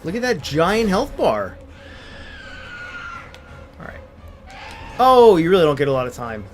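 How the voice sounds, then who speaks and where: A man's voice: on the high side, sing-song, unhurried, soft background music. A man casually commentating a video game with a co-host, playful and sarcastic, sometimes reading game text aloud. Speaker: let's play commentator.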